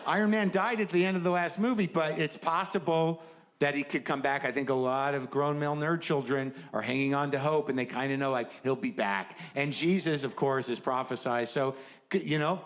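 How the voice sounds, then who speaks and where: Brisk and a little high-pitched, a man does a stand-up routine in front of a live crowd. His delivery is ranting and rambling, laced with sardonic asides, with faint laughter and room ambience behind him.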